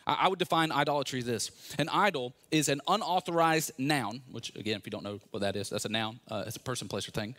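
A man giving a sermon, retelling a Bible story in a relaxed, conversational way with playful asides. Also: medium pitch, fast, few pauses. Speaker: pastor.

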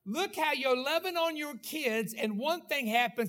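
A man's voice: very high-pitched, animated, unhurried, a bit bright. A man preaching a sermon as pastor, in a rhythmic style with frequent call-outs to his congregation.

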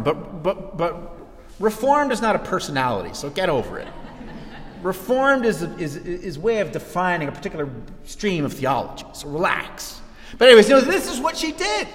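A man preaching a sermon, animated, dropping low and then rising to shouts. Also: big-room sound. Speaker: pastor.

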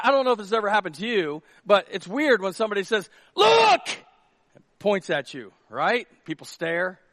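A male pastor preaching a sermon, telling stories in an animated way and shouting out quoted lines. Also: sits high, dry recording.

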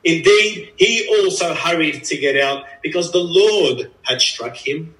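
A man's voice: a little high, lively intonation, measured pace, fairly bright tone. A man preaching an earnest, emphatic sermon, repeating phrases for stress. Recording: echoey room, voice from a distance.

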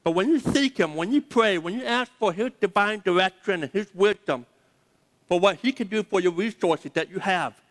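High-voiced pastor preaching in a reverberant hall. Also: male voice, moderate pace. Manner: emphatic, repeats key words for effect; leads the audience to say words aloud. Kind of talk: sermon. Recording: long reverb of a large hall.

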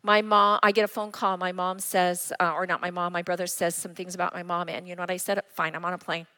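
A woman's voice: lowish voice, flat delivery, fast talker, bright, forceful tone. A middle-aged woman pastor preaching a sermon, telling personal stories in an earnest way. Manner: personal, earnest storytelling with acted quotes. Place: church. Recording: long reverb of a church hall.

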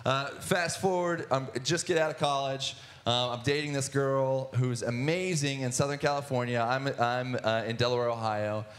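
A man's voice: medium pitch, steady tone, moderate pace, hardly any pauses, a bit bright. A young man in his twenties telling his personal testimony in church, earnest, with many restarts and filler words. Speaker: guest speaker sharing testimony.

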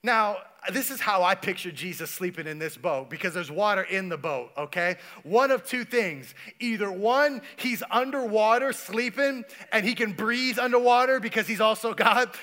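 A pastor delivers a sermon, telling stories casually and speaking directly to his congregation. His voice sits high and sounds sharp, and he talks at a moderate pace with few pauses.

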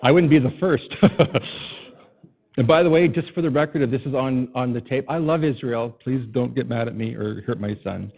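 A husky, somewhat breathy middle-aged man delivering a sermon. He tells personal stories with self-deprecating laughs and moves from loud emphasis to hushed, tender lines. The recording sounds dull and a little lo-fi. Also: medium pitch, moderate pace. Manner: warm storytelling with self-deprecating laughs, swings from loud to soft. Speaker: pastor.

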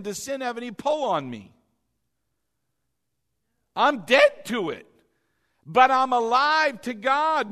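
A man's voice: very high voice, sharp tone, big-room sound. A male pastor preaching a sermon, emphatic and repetitive, calling on the congregation to say lines back. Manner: emphatic, repeats questions and has the congregation repeat lines.

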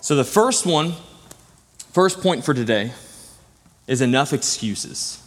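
A young man delivers a church sermon in an animated, earnest storytelling style. His voice sits at an ordinary middle pitch. It rings with a long reverb from a church sanctuary. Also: slow pace. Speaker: preacher.

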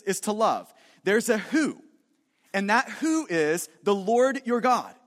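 A man's voice: very high voice, fairly bright tone, big-room sound. A man preaching a sermon as pastor, emphatic and repetitive, often restarting his phrases.

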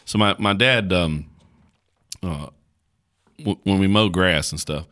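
A man's voice: low voice, takes it slowly. A man, a pastor, chatting on a podcast, telling stories with many fillers and restarts. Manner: storytelling, folksy and animated, with many fillers and restarts. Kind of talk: casual podcast conversation.

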